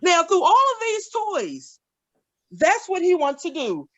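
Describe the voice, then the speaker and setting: A woman in her forties doing stand-up comedy, telling stories in a playful, animated way and acting out what others say. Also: very high-pitched, slow, no room sound, dull audio. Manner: animated, playful storytelling with acted-out quotes.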